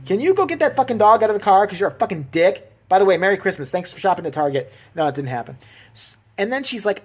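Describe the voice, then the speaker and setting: A man's voice: fairly high pitch, lively intonation, quick pace. A man from Chicago telling a story in a sarcastic, profane rant for his vlog. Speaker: vlogger. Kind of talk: ranting storytelling.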